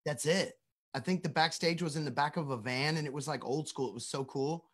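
A man in his forties, a musician guest chatting casually over a video call from his home studio, animated and joking as he tells stories. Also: on the high side, fairly quick. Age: 40s. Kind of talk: casual interview chat.

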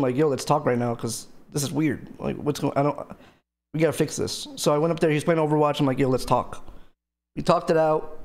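Guy streamer ranting at his chat, kinda high voice with a gravelly crackle, lots of filler and cussing. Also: darkish tone. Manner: rambling, venting, full of fillers and swearing. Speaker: live streamer. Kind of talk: casual chat to stream viewers.

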